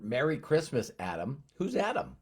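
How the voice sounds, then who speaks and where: A man's voice: medium pitch, wildly swooping pitch, normal speed, slight background noise. A man hosting a motivational live stream, chatting casually and greeting viewers by name. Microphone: phone.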